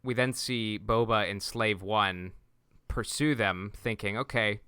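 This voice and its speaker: Bright, clear-voiced man recapping an episode. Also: on the low side, dry recording, studio quality. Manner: recapping scenes at length with quick self-restarts. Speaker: podcast co-host. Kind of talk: casual recap chat.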